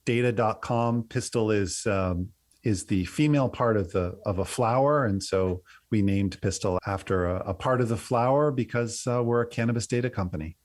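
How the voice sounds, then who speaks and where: A middle-aged man being interviewed on a podcast, with a lowish voice. He talks earnestly and at length, stumbling over restarts as he works through his thoughts. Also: moderate pace, darkish tone. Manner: rambling, many restarts, earnest. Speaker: guest, company CEO. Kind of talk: casual interview.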